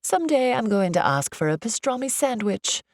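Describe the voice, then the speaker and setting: A woman voicing a glamorous British former model in an audiobook, with a crisp British accent and a dry, drawling manner. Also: a little high, big pitch swings, moderate pace, darkish tone, dry recording, voice pushed up.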